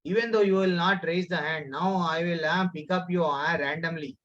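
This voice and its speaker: A man with an Indian English accent leads a children's class over a video call. His voice sits a little high for a man, and the sound is muffled and lo-fi. He pauses often on fillers and restarts while he tells the story. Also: fairly bright tone. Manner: many fillers and restarts, calls on pupils by name. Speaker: teacher of a children's scripture class. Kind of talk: online class teaching and storytelling. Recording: muffled online call audio.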